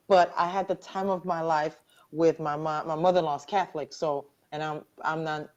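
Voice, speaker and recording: A woman's voice: lowish voice, fairly even intonation, a little fast, darkish tone, muffled recording. A middle-aged woman earnestly sharing her personal story as a cancer survivor in a live online interview, often repeating phrases for emphasis.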